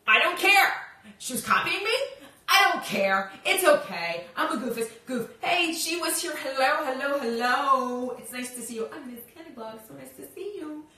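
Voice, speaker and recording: Woman host of a live-stream chat, bright and bubbly with a sing-song lilt, recorded off-mic in an echoey room. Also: high voice, lively intonation, normal speed, hardly any pauses, recorded from a distance. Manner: bubbly, sing-song, greets viewers by name.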